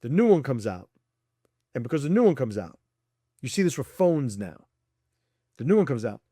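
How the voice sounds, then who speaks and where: A man's voice: medium pitch, big pitch swings, moderate pace, warm tone, slightly rough, dry recording, clean studio sound. A man speaking as a podcast guest in a casual chat, blunt and profane, laughing between points and acting out people he quotes.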